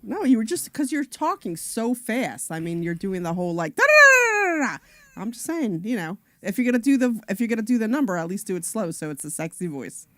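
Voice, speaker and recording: Teasing woman, quick and lively. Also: mid-range voice, dry recording. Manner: teasing, bantering. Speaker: radio show co-host, doctor. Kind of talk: casual radio chat. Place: radio studio.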